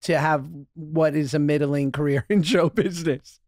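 A man co-hosting a podcast in casual chat, self-deprecating and quick to laugh. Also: a little high, fairly even intonation, darkish tone, no room sound. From New York. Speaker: podcast co-host.

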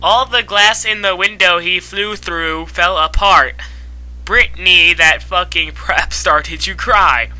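A man's voice: sits high, pushed and bright, rough recording. A man reading fan fiction aloud in an exaggerated, mock-dramatic way. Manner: exaggerated, drawn-out reading that breaks into laughter. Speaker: co-reader.

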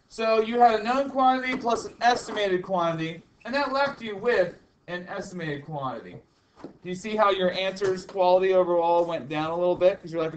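In a low-quality recording, a man with a high-pitched voice teaches high school chemistry, chatting and joking with the class while going over the main points again and again.

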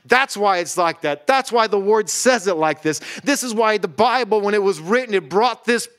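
A man's voice: high-pitched, animated, moderate pace, hardly any pauses, fairly bright tone. A man pastor preaching a sermon to a congregation in a church room, calling out for amens. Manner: preaching with rising intensity, calls of amen.

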